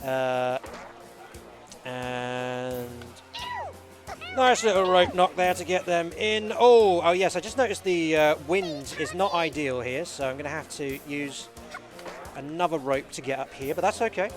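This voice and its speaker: A speedrunner talking through his own game run live, explaining each move in a steady, easy way with many fillers. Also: a little high, a little slow, over music.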